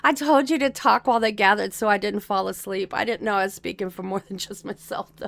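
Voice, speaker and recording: This is a woman hosting a livestream in loose, casual chat with her viewers. Her voice sits high and swings widely in pitch, with a gravelly rasp under it. She rambles and breaks into laughter often. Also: animated, normal speed, hardly any pauses, no echo. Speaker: livestream host.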